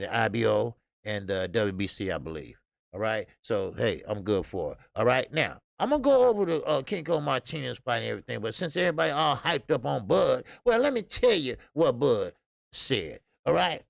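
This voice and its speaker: A man with an American accent hosting a live boxing talk stream, answering chat in a loose, animated way with lots of fillers. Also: mid-range voice, fairly quick, vocal fry, no room sound, clean studio sound. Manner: animated, talks straight to chat, many fillers and restarts. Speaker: boxing show host.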